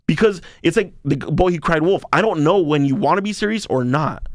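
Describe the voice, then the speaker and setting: A man's voice: fairly high pitch, expressive, brisk, no room sound, clean studio sound. A young man co-hosting a podcast, telling a rambling story in casual chat and swearing freely. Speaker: podcast co-host.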